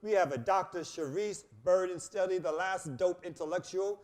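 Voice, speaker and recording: A man co-hosting a casual podcast chat, giving loud, hyped introductions and cursing freely. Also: high voice, moderate pace. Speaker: co-host.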